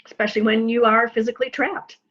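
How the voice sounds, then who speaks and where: A woman's voice: on the high side, steady tone, fast talker, fairly bright tone, breathy edge, lo-fi sound. A woman hosting a library talk and wrapping up an interview with thanks to her guest. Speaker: host. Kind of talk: closing an interview.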